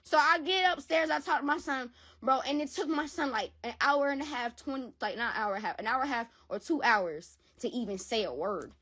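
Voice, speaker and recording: This interview guest, a mother of a school-age boy, speaks in a high, pushed, bright voice at a fairly quick pace. She lays out a personal dispute bluntly, swearing freely and going over the same points repeatedly.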